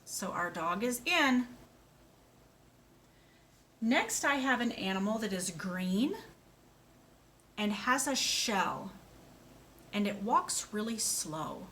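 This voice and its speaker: Slow, bright, sing-song woman teacher. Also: medium pitch, expressive, slight background noise. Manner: slow, clear, sing-song and encouraging, with animal sounds. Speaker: speech therapist. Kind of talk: slow children's lesson.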